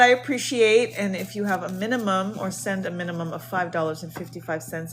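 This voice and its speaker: A woman hosting a late-night livestream of donation-based card readings, chatting casually and greeting viewers by name in a bubbly, slangy way. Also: mid-range voice.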